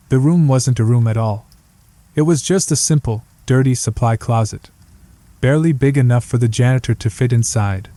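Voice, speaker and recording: A man tells a first-person horror story in a gritty, hard-boiled voice. His tone is mellow and warm. The recording is dry and close, with no room sound. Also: medium pitch, no echo. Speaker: narrator.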